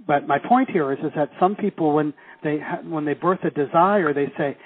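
A man's voice: fairly high pitch, normal speed, few pauses, slight background noise. A middle-aged man from Canada teaching a live seminar, quizzing the class and acting out the reactions he describes. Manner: lively, asks the class questions, acts out quoted reactions. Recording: tinny phone-like audio.

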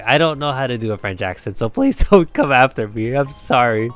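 A man's voice: mid-range voice, lively intonation, fairly quick, hardly any pauses, faint music behind. Chatty man narrating his gameplay. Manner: chatty, laughs often, talks to himself. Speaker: game streamer. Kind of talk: let's play commentary.

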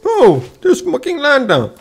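Extremely high-pitched, with wildly swooping pitch and vocal fry, this man speaks unhurriedly over soft background music. He's a gamer ranting through a card game, swearing nonstop, frustrated, and going over the same points again and again.

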